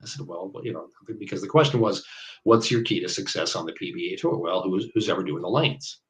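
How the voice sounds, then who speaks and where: A man in his fifties from the American Midwest talks in a very low voice. He rambles through stories in casual interview chat, full of fillers and side tangents. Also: brisk, low-quality recording. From Iowa, US Midwest. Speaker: guest bowler.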